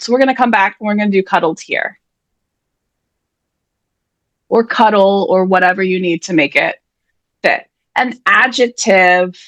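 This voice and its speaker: Here the online writers' event host speaks at medium pitch, a bit bright, with no room sound. She runs the word game on a video call in a casual live-stream manner, reading players' suggestions with chatty, playful self-deprecation.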